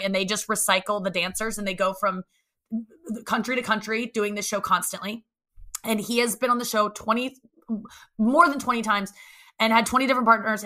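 A young woman comedian telling a self-mocking story in casual chat, animated and swearing freely. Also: medium pitch. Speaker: guest, comedian.

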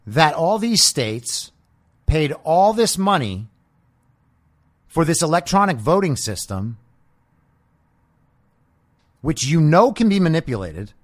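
A man's voice: on the high side, sing-song, slow pace, pauses often. A man hosting a podcast, delivering a combative, sarcastic political monologue peppered with profanity. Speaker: podcast host.

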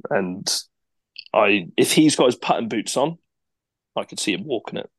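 A man co-hosting a casual podcast, full of cheeky, animated banter. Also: lowish voice, moderate pace, breathy edge, no echo. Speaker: podcast co-host. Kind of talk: casual chat.

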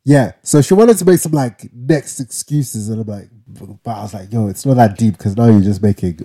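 Young man, podcast co-host, mellow, animated storytelling, slangy. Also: mid-range voice, moderate pace. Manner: animated, acts out quotes with slang, many "yeah?" tags. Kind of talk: casual storytelling chat.

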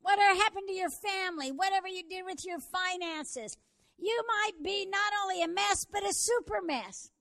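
High-voiced woman preacher, fervent. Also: normal speed. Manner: building to fervent shouts. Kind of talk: sermon storytelling.

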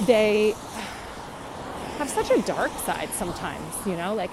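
A woman's voice: medium pitch, sing-song, measured pace, long pauses. A Canadian woman in her thirties, vlogging outdoors and ranting with firm opinions. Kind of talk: casual chat to camera. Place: outdoors by a busy road. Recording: loud traffic noise behind.

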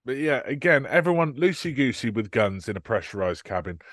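A man co-hosting a film podcast in casual chat. His pitch rises and falls a lot as he recaps scenes, swears freely and slips into quick put-on lines from the film. The sound is close and dry, with no room around it. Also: big pitch swings, a bit bright, no echo. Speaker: podcast co-host.

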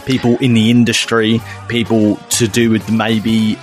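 A man's voice: lowish voice, level tone, a little slow, soft background music. A young man co-hosting a casual podcast chat, effusive and gushing, calling his friend "mate" and "man". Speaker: podcast co-host.

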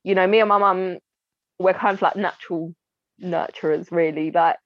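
Speaking at a normal pace in a fairly low, steady voice, a woman tells an interviewer a personal family story. She is candid and heartfelt, frequently voicing what her relatives said, and the audio is dry and slightly dull lo-fi with no room sound.

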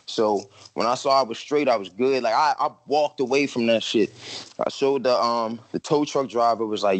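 A man's voice: medium pitch, normal speed, no echo, rough recording. A young man on a podcast telling a story in casual, profane slang and acting out his own quotes.

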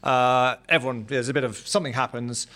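A man, a former rugby player, recalling an old match in casual podcast chat, halting with many fillers. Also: medium pitch, fairly even intonation, sharp tone. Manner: quick, halting, lots of fillers. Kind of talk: casual storytelling.

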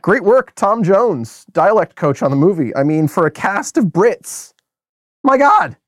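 An American man co-hosting a podcast, talking through a film review in a rambling, animated way with many fillers and restarts. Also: high voice, unhurried, dry recording, studio quality. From United States. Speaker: podcast co-host. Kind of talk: casual film review chat.

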